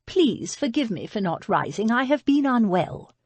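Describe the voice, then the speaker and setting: Imperious high-society lady, played by a woman: high, cool, grand, husky edge. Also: very animated, moderate pace, a little mellow, dry recording. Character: haughty older aristocratic lady, imperious.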